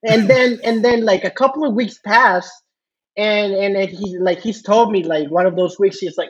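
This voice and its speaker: A man's voice: high-pitched, normal speed, slightly rough, highs cut off. A man telling a story as a podcast guest, rambling with lots of fillers and restarts, laughing often. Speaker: podcast guest, jiu-jitsu student. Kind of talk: casual storytelling chat.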